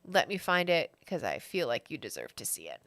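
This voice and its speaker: Woman game master narrating a tabletop game: animated pitch, chatty, laughs a lot. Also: brisk, slight background noise. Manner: chatty, laughing often, with many fillers.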